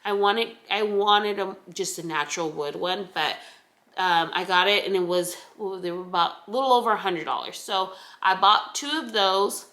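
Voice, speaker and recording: A young pregnant woman rambles casually to her camera, her voice bright and forward, at a middling pitch. She talks on with plenty of fillers and restarts. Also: moderate pace. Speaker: vlogger. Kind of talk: casual chat.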